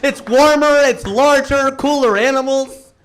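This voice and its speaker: A man from Ohio performing a stand-up comedy set, telling jokes to a live audience and building up to excited punchlines. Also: very high-pitched, a little slow. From Cincinnati, Ohio, USA. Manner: animated, rising to excited punchlines.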